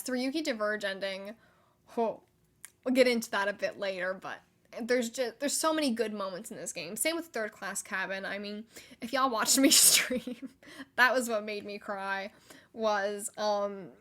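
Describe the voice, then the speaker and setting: A young woman hosting a solo gaming podcast, chatty and excitable, with frequent likes and laughter. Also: medium pitch, a little slow. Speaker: podcast host.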